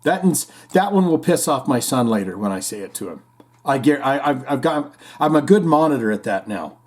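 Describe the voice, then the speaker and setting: A man's voice: mid-range voice, expressive, fairly quick, a little mellow. A man hosting a casual music podcast, rambling and joking as he reads out listener comments. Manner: rambling, jokey, puts on silly voices for punchlines. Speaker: podcast host.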